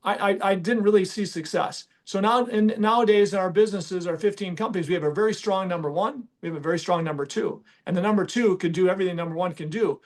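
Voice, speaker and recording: A man's voice: sits high, fast, few pauses. A middle-aged man, hosting a casual podcast and talking emphatically with many restarts. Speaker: podcast host and business owner.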